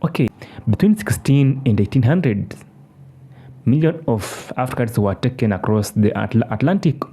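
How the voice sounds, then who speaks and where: A man hosting an explainer channel, narrating in an informal, halting way with restarts. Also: medium pitch, expressive, warm tone, husky. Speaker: channel host.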